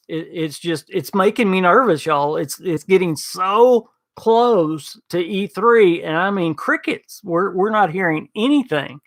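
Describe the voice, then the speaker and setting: This gaming podcast host has a high-pitched, somewhat bright voice with vocal fry. On his livestream he chats casually, stumbles into restarts, and replies to viewers' chat messages by name.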